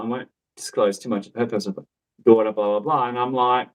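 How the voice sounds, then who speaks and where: Speaking quickly in a mid-range voice over a rough recording, this psychic medium rambles through a casual story. His chatty telling is packed with fillers, asides and laughter.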